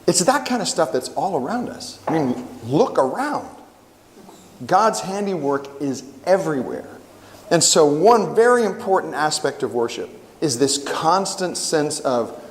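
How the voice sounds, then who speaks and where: A middle-aged man giving a storytelling sermon as a camp worship speaker, animated and acting out the quotes. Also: fairly high pitch, unhurried, a little hiss or hum. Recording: long hall reverb.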